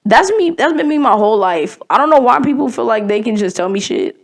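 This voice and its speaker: A young woman hosts a podcast in loose, casual chat, her voice sitting a bit on the high side. She tells stories in an animated way, swearing freely and laughing between lines. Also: a little fast, vocal fry. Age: young adult. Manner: animated storytelling, heavy profanity, laughing often. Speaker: podcast host.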